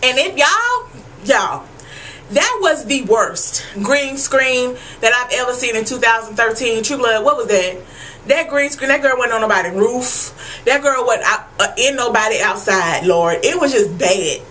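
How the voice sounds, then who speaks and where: A woman with a high, bright voice recapping a TV episode for her vlog audience. She is animated and emphatic, swears freely and keeps calling out to the viewers. Her tone stays sharp and forward. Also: a little slow, a little hiss or hum, low-quality recording. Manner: animated, profane and emphatic, addressing viewers as y'all. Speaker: TV episode reviewer.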